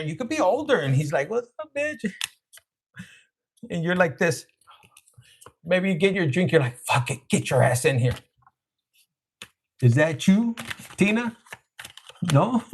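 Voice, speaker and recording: A man's voice: high voice, slight background noise. A man giving a live tarot reading, joking and swearing, often laughing and chatting with viewers by name. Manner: profane, joking, acts out voices. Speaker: tarot reader.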